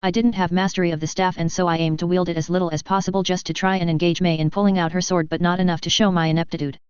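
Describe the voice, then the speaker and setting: Fast fanfic reader, very clear crisp voice, dull lo-fi sound. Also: medium pitch, flat delivery, dry recording. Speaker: audiobook reader. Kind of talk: reading fan fiction aloud. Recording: dull lo-fi recording.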